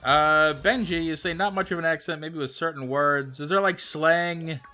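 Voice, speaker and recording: A man's voice: on the high side, steady tone, moderate pace, pushed and bright, soft background music. A man from the United States streaming a game live, chatting casually and answering his viewers' messages. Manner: chatty, thinks aloud, reads out and answers chat. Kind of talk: casual chat with viewers while gaming.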